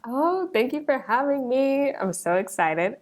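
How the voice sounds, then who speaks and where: A woman guest on a podcast, talking in a relaxed, casual way with frequent laughs. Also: high voice, measured pace. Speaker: guest, sex ed business coach. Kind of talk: casual interview chat.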